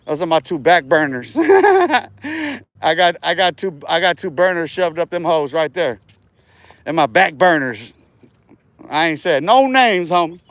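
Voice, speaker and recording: A man running his own livestream in a rambling, profane rant, taunting viewers and laughing often. His speaking voice sits high for a man. The recording is dry and close, with no room echo. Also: animated, normal speed, fairly bright tone. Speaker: livestream host.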